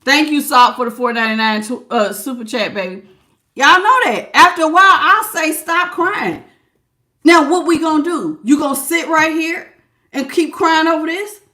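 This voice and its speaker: A woman's voice: high voice, normal speed, bright, forceful tone, roomy sound. A woman giving a live tarot reading, scolding her listeners with blunt tough love in slangy casual talk and calling them baby. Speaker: tarot reader.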